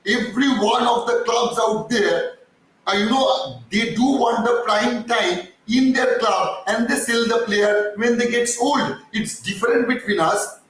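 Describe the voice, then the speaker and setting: A man's voice: extremely high pitch, a little slow, a bit bright. A man hosting a live-stream fan commentary, ranting heatedly, swearing and then apologizing for getting worked up. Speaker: fan channel host. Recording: echoey distant mic with faint noise.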